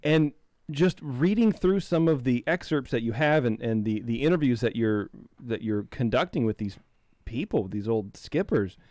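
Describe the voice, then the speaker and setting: A male podcast host chats in a loose, rambling way, stumbling over his words and looping back to restart his sentences. His voice sits at an ordinary middle pitch. The sound is dry and close, with no room echo. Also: expressive, moderate pace, darkish tone. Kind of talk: casual interview chat.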